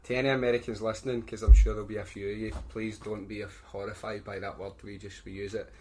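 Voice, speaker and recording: A man's voice: fairly low pitch, flat delivery, fast talker, a little mellow, slight background noise. A man with a thick Scottish accent hosting a podcast, chatty and jokey. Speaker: podcast host. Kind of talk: casual chat.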